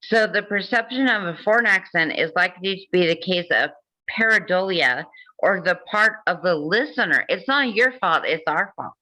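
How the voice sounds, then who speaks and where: Bright-voiced woman reading aloud. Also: on the low side, animated, moderate pace, rough recording. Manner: reads passages then comments with jokes and laughs. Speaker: host. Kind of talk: reading aloud and casual chat.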